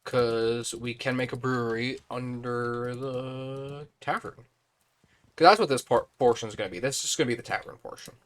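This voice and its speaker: A man's voice: mid-range voice, moderate pace. Man musing while he builds. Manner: relaxed, thinking aloud with fillers. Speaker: streamer. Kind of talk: casual live-stream building commentary.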